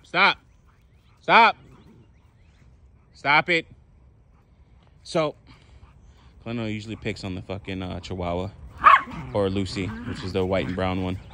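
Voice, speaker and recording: A man's voice: lowish voice, heavy background noise. Profane rambling man, casual monologue. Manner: profane, loose and storytelling, frequent fillers. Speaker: vlogger.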